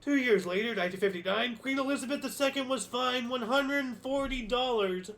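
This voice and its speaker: A man's voice: very high-pitched, brisk, hardly any pauses, fairly bright tone. A man hosting a casual history stream, reading dates aloud and then musing to himself in loose, rambling asides. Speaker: history show host. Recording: faint background music.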